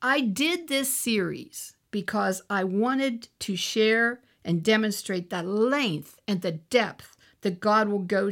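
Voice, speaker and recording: A woman's voice: medium pitch, creaky, fairly bright tone. A woman ministering, telling a personal testimony in an earnest storytelling way and acting out the voices she quotes. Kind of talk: testimony sermon.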